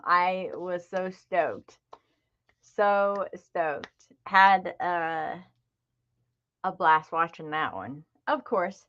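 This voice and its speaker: A woman's voice: mid-range voice, expressive, takes it slowly, long pauses, sharp tone, highs cut off. A middle-aged woman hosting a craft livestream, chatting casually and greeting viewers by name. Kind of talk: casual live-stream chat.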